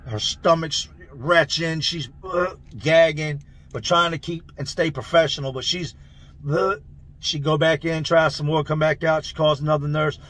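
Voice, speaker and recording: A man telling a long story in a loose, slangy, animated way. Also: fairly high pitch, moderate pace, hardly any pauses, a little hiss or hum. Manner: loose, slangy, animated, laughs through the tale. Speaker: channel host telling prison stories. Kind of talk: casual storytelling.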